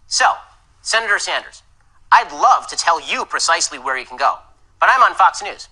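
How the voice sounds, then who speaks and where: A man's voice: a little high, sing-song, pushed and bright, rough recording. A man in a played clip, a political commentator with confident, combative debate talk. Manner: confident, combative, fast-talking. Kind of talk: rapid-fire debate talk.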